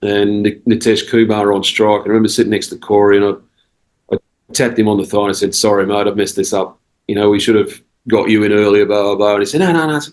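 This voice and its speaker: Australian male coach, lowish voice, relaxed anecdotes full of restarts, for a podcast interview. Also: quick pace, low-quality recording. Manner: rambling, with restarts and quoted dialogue. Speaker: cricket head coach, podcast guest. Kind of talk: casual storytelling interview.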